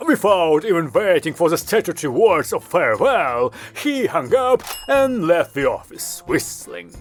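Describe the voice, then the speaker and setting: Lively man narrating a comic audiobook. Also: sits high, moderate pace, few pauses. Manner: wry, storytelling. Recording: faint music behind.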